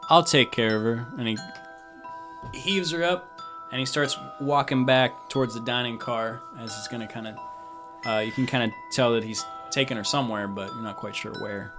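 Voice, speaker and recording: A young man narrates a tabletop game as game master. He describes each scene in a loose, rambling way, padding it with fillers. Clear music plays behind his voice. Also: mid-range voice, normal speed.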